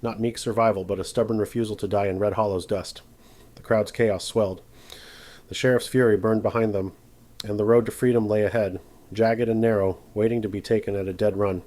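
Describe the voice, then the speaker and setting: A man with a fairly low voice narrates a story in a measured, dramatic style. His delivery stays steady and scripted from line to line.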